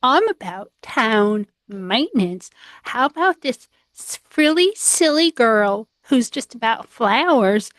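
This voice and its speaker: A woman's voice: on the high side, sing-song, slow pace, fairly bright tone, no echo. A woman playing an improv comedy game over a video call, joking in a dry, matter-of-fact way. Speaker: improv player.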